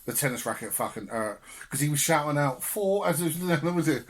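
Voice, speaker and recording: A man's voice: a little high, animated, a little fast. A young man on a podcast telling family stories with laughter and swearing in casual chat. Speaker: podcast co-host.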